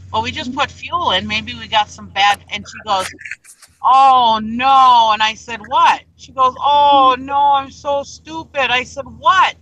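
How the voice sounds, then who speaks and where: Reseller host, female, lively chatty storyteller with a tense, bright tone. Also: a little high, a little hiss or hum, rough recording. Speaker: online reseller hosting a livestream. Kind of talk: casual storytelling chat.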